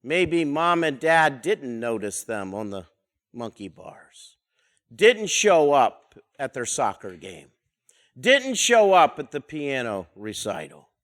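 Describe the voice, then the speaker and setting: A man's voice: mid-range voice, sing-song, slow, a bit bright. A man teaching a verse-by-verse Bible study in a conversational way, asking his listeners rhetorical questions and repeating key phrases.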